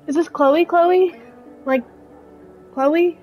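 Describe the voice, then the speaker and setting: A woman's voice: sits high, moderate pace, long pauses, soft background music, poor audio. A young adult woman streamer giving chatty, self-deprecating let's-play commentary. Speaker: gaming streamer.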